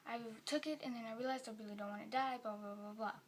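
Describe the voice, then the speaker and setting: Soft-spoken woman with a higher voice. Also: fast, a little hiss or hum. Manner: soft-spoken, rambling, drops into whispers. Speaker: vlogger. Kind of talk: personal confessional vlog.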